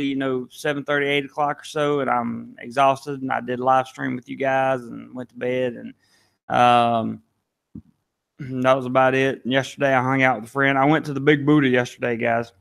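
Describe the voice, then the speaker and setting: A man's voice: mid-range voice, creaky, fairly bright tone, smooth. A man with a Southern US accent, hosting a casual live stream and answering viewer comments aloud. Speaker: live-stream vlogger reading chat.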